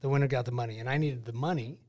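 A man in his forties from Utah, a retired fighter, tells his story as a guest in a casual interview. His mid-range voice comes out rapid-fire, and he's a lively storyteller who acts out the dialogue.

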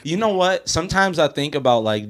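A man's voice: a little high, fairly quick. Joking man in casual chat. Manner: joking, animated banter. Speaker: podcast co-host.

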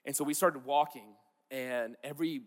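A man's voice: medium pitch, fairly even intonation, moderate pace, in a large hall. A man preaching a sermon in an earnest, conversational way, repeating key words for emphasis. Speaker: pastor.

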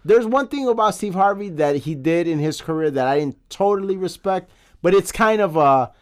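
A man's voice: high voice, animated, normal speed, smooth. A man co-hosting a podcast in casual chat, talking bluntly with a lot of swearing. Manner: blunt and profane. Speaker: podcast co-host.

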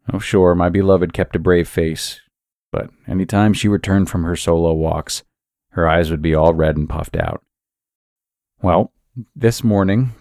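A man narrates a scripted horror story in a wry, measured way. His voice sits very low and carries a steady gravelly fry. The recording is close and dry, with no room sound. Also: no echo.

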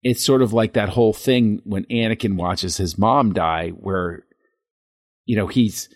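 A man co-hosting a podcast, talking through a film scene in a reflective, halting way with frequent restarts. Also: on the low side, dry recording, studio quality. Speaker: podcast co-host. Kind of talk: casual film discussion.

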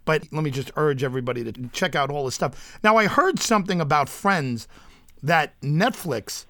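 A man hosting an interview, chatting casually with quick, enthusiastic interjections. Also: a little high, expressive, pushed and bright, no echo. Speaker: interview host.

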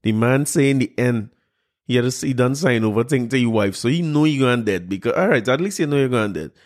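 A man's voice: medium pitch, expressive, brisk. A man, mocking a news article he reads aloud, incredulous and laughing at it. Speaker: commentator reacting to a news article. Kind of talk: mocking commentary on a news story.

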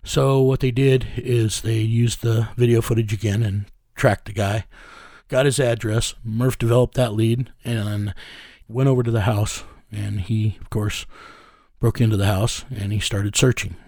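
A man's voice: fairly low pitch, steady tone, measured pace, a little mellow, no room sound, clean studio sound. A man telling a story as an interview guest, blunt and profane, chuckling as he goes. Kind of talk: casual storytelling.

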